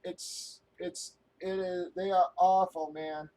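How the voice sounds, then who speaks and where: A man with a high voice vents on his live stream, talking straight to his viewers. He is angry, swears freely, and rambles, breaking off and restarting his sentences. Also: unhurried, rough recording. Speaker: live stream host breaking sports card boxes.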